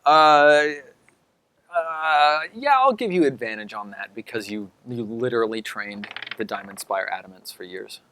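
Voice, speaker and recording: A man's voice: mid-range voice, lively intonation, measured pace, bright, forceful tone, slight background noise. Casual man running a tabletop game. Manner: casual, filler-heavy narration. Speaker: dungeon master.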